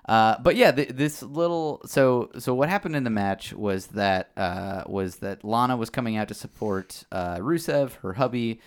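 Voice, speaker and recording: A man's voice: on the low side, moderate pace, hardly any pauses. A man co-hosting a casual chat, rambling with lots of fillers and restarts. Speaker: podcast co-host.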